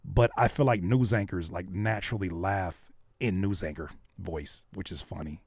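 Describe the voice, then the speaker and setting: A man's voice: low-pitched, moderate pace, vocal fry, a little mellow, no room sound. Laid-back man chatting on a live stream. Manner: laid-back, talks to chat directly. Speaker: host. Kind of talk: casual live-stream chat.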